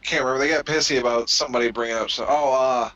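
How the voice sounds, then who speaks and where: A man's voice: mid-range voice, steady tone, very fast, a bit bright, poor audio. Crude, laughing podcast co-host man. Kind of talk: casual chat watching wrestling.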